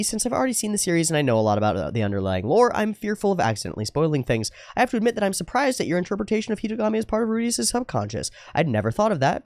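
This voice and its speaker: A man's voice: medium pitch, a little mellow, no room sound, studio quality. A young man hosting an anime reaction channel, chatting casually and reading viewer comments aloud, swearing freely and slipping into mocking voices.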